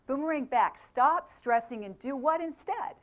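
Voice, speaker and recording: A woman's voice: high voice, lively intonation, moderate pace. A middle-aged woman from England giving a motivational talk to a live audience. She keeps asking the crowd questions and laughs often. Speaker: motivational speaker.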